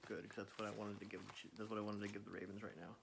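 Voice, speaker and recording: Soft-spoken ASMR host, male, gravelly timbre, chatty and self-correcting, noisy close-mic take. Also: lowish voice, flat delivery, racing.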